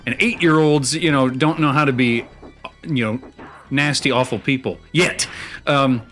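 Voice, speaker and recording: A man's voice: mid-range voice, a little slow, a bit bright. Rambling male gaming host. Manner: rambling, with fillers, restarts and chuckles. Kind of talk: casual chat while playing a video game.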